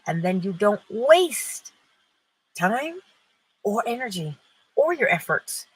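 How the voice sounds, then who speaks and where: Woman host giving an inspirational talk; husky, animated pitch, emphatic delivery. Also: low-quality recording. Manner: emphatic, asks rhetorical questions and answers them.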